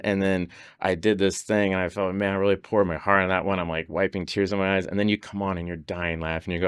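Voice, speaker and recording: A man's voice: sits low, flat delivery, brisk, clean tone, dry recording, clean studio sound. A man on a podcast telling stories in casual conversation, laughing often and acting out the voices of people he quotes. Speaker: podcast guest.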